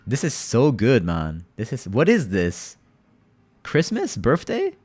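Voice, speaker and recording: Lively laid-back male streamer. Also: medium pitch, slow pace, breathy edge. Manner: laid-back, rambling, addresses chat directly. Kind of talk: casual live-stream chat with viewers.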